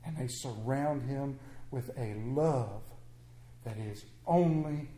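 A man preaching a sermon to a congregation, swinging between loud emphatic phrases and hushed low lines, repeating phrases to build his point. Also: slow. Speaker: pastor. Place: church sanctuary with congregation. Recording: echoey church room.

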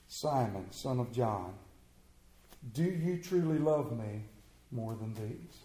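A soft, lowered, solemn voice of a gentle divine teacher, as a preacher takes him on. It speaks slowly and quietly in an echoing hall. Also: male voice, lively intonation. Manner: soft, slow, hushed.

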